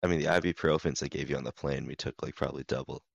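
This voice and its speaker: A man's voice: very deep voice, steady tone, racing, vocal fry, no echo, dull audio. A young man chatting casually with a friend, telling jokey stories and acting out the people in them, laughing often. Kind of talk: casual chat.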